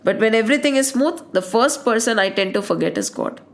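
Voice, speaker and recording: Woman, Indian accent, somewhat high voice, spiritual teacher, explaining scripture, mixes Hindi into English, rhetorical questions. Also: lively intonation, brisk.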